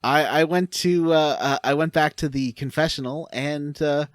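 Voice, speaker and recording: A man's voice: on the high side, steady tone, normal speed, dry recording, studio quality. A man co-hosting a podcast, rambling casually and hesitantly about a video game. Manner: rambling, hesitant, lots of uh and restarts. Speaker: podcast co-host.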